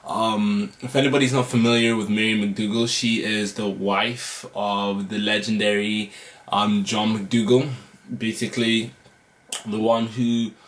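A man's voice: lowish voice, a bit bright, a little hiss or hum. A man talking casually to camera in a vlog, hesitating often with ums and restarts, and later filming in his kitchen. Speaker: vlogger. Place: home kitchen. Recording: roomy kitchen with guitar music behind.

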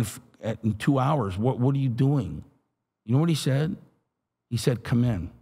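A middle-aged man, a pastor, telling his testimony in an animated, street-talking way. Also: medium pitch, normal speed, gravelly, husky. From Los Angeles area. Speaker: pastor and guest. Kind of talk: storytelling testimony.

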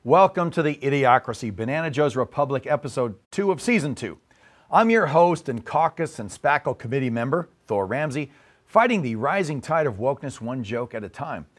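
A male comedy podcast host delivering a satirical monologue. He drops wry, self-deprecating asides. His voice is higher than most men's and lively in its pitch.

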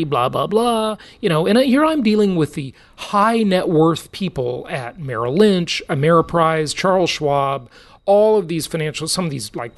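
A middle-aged man hosts a podcast in a casual monologue. His voice swings widely up and down and has a gravelly edge. He talks in an emphatic, salesy way. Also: a little high. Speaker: podcast host.

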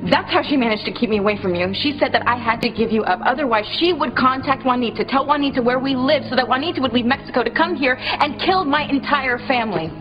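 A woman's voice: high-pitched, fast talker, few pauses, lightly acted. An actress playing an urgent, pleading young woman in a soap opera. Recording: dull broadcast sound with music.

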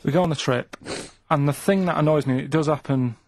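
A man, a radio show regular, rambling deadpan through stories with tag questions. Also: a little high, a little fast, no room sound. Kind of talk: casual radio chat. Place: radio studio.

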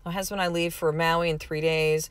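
Chatty woman podcast host, lowish voice. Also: little pitch movement, fairly quick, clear, resonant tone, dry recording. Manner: candid, chatty storytelling with many fillers. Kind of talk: casual podcast monologue.

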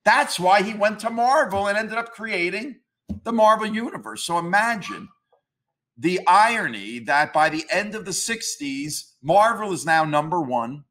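A man's voice: high voice, very animated, measured pace, bright, forceful tone. A man, a comics historian interviewed as a guest, arguing his views emphatically in a ranting tone and swearing casually. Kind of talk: opinionated interview talk.

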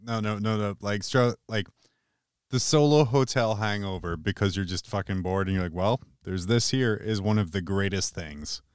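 A man co-hosting a podcast in casual chat, joking and swearing with quick asides. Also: lowish voice, clean tone, no room sound, clean studio sound. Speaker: podcast co-host.

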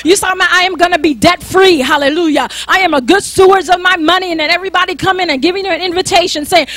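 A woman's voice: very high-pitched, fairly quick, few pauses, sharp tone, no room sound. A woman minister preaching a sermon in an emphatic, conversational way, often repeating herself.

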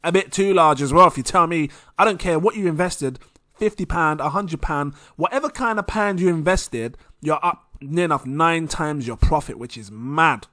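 A young man with an English accent rambles excitedly through a casual screen-share commentary as a crypto vlogger, laughing at himself. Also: a little high, normal speed, no echo, clean studio sound. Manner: excitable, giggly, rambling, self-mocking.

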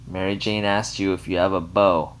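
A man's voice: deep voice, level tone, normal speed, clean tone, close to an everyday voice. A man voicing a jaded, sarcastic woman hostess. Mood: sardonic.

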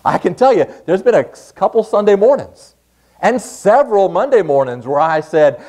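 A pastor preaches in a church sanctuary, earnest and conversational. His voice sits a touch high for a man. It swings widely in pitch as he builds each point. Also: sing-song, moderate pace, darkish tone. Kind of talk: sermon.

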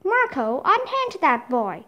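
A woman voicing a gentle, hearty old male genius who speaks kindly in a storybook reading. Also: high voice, sing-song, slow pace, muffled recording, a little hiss or hum, full character voice.

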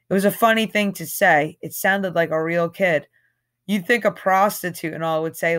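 A woman's voice: on the low side, normal speed. Woman reading a novel aloud, casual. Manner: casual, conversational storytelling with occasional slips. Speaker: audiobook reader.

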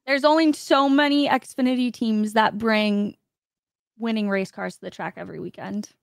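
A woman's voice: on the high side, fairly even intonation, normal speed, creaky, clear, resonant tone, no echo, studio quality. A woman racing driver guest on a live race-watching stream, speaking casually with many fillers. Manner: casual, uses "like" a lot.

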